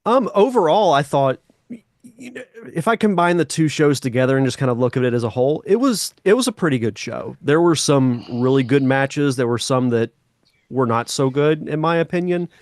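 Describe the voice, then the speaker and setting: A man co-hosting a podcast, talking through his opinions in a measured, casual way. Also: mid-range voice, animated, darkish tone, no echo, clean studio sound. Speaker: podcast co-host.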